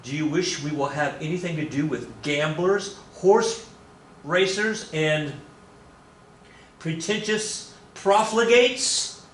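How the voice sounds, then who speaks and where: A man voicing a haughty, self-righteous statesman with a slow, pompous, declamatory delivery. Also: a little high, fairly bright tone, echoey room, far from the mic, a little hiss or hum, pitched above the performer's own voice.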